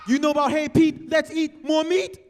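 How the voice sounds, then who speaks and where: A man leading an audience in a call-and-response scat song, energetic and calling on everyone to join in. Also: very high-pitched, normal speed, background noise. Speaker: performer leading a sing-along. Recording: loud backing band music.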